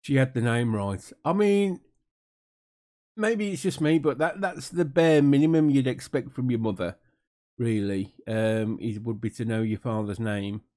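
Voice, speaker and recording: British man, mellow tone, wry reaction-video host. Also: mid-range voice, measured pace. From United Kingdom. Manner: dry, mocking, many fillers. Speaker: commentator reacting to an interview. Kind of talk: casual sarcastic commentary.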